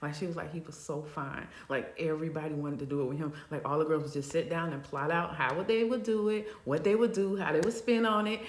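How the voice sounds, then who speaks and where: A woman casually telling a gossipy story in an animated way. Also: low voice, quick pace, hardly any pauses. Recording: echoey room.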